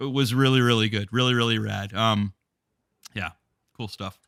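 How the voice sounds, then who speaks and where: A man in casual chat, telling a rambling, excitable story full of fillers. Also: lowish voice, normal speed, creaky, clear, resonant tone, no room sound, clean studio sound. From Canada. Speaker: host musician.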